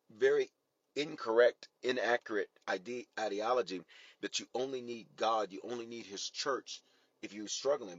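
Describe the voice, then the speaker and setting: A man preaching a sermon to an online congregation, swinging between loud and soft, and briefly acting out voices in the dialogues he tells. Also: mid-range voice, slightly rough, no echo, muffled recording. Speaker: bishop, pastor.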